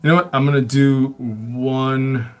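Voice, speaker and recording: A man's voice: mid-range voice, fairly even intonation, measured pace. Man host with a mid-range voice, loose and profane, laughs through his own stories. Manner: profane, swears constantly, chuckles often. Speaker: show host. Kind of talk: casual storytelling.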